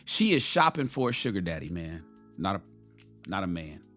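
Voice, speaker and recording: A man's voice: sits low, big pitch swings, normal speed, fairly bright tone, soft background music. A man hosting a talk show, giving blunt, profane dating advice to other men and repeating key phrases for stress.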